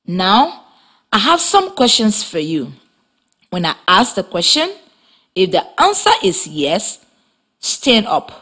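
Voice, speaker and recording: A woman teaching a children's reading lesson on radio in a slow, clear, instructive way. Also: medium pitch, very animated, fairly bright tone. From Liberia.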